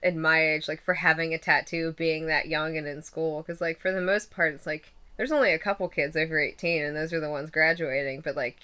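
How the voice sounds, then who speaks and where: Woman, twenties, casual interviewee; bright, slightly low voice, rambling with plenty of fillers. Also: steady tone, brisk, few pauses, smooth. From western Pennsylvania. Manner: rambling, laughs often, many fillers. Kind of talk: casual chat.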